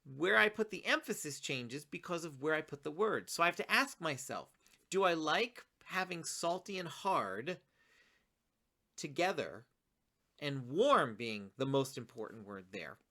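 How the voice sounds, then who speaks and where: A woman teaching a writing lesson to children, encouraging and talking straight to her students, reading her own poem slowly with a pause on each word. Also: low-pitched, big pitch swings, bright, forceful tone. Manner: reads her poem slowly, pausing on single words; encouraging, addresses students directly.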